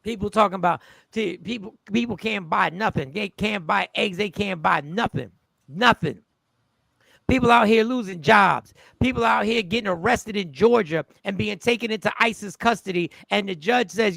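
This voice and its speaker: A man's voice: high-pitched, moderate pace, gravelly, a bit bright, no room sound. A man hosting a live talk show, ranting in a fired-up, preachy way. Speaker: show host.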